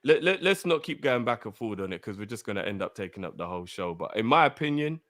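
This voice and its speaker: Passionate, animated man. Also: fairly low pitch, fast. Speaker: regular on a fan call-in show. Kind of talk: heated casual debate.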